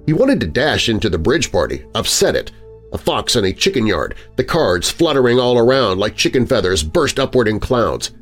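A man narrating a story in a dramatic audiobook style, expressive and lingering on vivid words, with faint music underneath. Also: mid-range voice, moderate pace.

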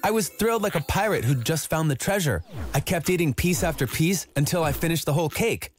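A man telling a scripted first-person story in an even, measured way. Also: on the high side, faint music behind. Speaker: narrator.

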